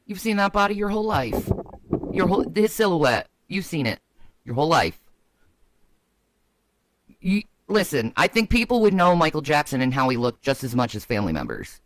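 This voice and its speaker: A man co-hosting a casual chat, talking in an excitable, conspiratorial way. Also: a little high, moderate pace, long pauses. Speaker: podcast co-host.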